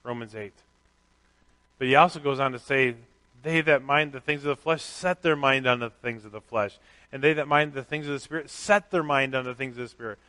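A middle-aged pastor giving a candid, conversational sermon with self-deprecating asides. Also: male voice, mid-range voice, brisk, sharp tone.

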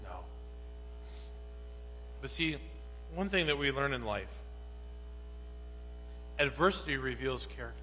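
A male pastor preaching a sermon, moving from quiet Bible reading to loud, rising rhetorical questions. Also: medium pitch, sing-song, a little slow, pauses often. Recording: muffled, with long reverb and mains hum.

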